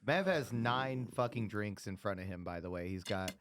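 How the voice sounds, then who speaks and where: A man's voice: on the low side, lively intonation, normal speed, a bit bright, slight background noise. A man co-hosting a podcast, trading jokes in casual banter. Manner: joking banter. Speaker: podcast co-host. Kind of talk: casual chat.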